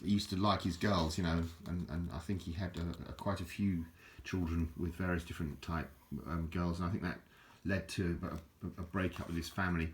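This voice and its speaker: Man, deep low voice, casual rambling, self-deprecating, faint hiss. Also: steady tone, fairly quick, hardly any pauses. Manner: rambling, chatty, self-deprecating, many restarts and fillers. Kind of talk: casual rambling book show-and-tell.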